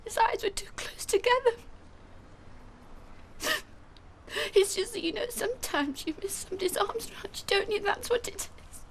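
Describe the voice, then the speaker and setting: A woman's voice: sits high, normal speed, a bit bright, a little hiss or hum. An actress playing a tired, lonely middle-aged woman who talks hesitantly and wearily. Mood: tearful. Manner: hesitant, weary, tearful.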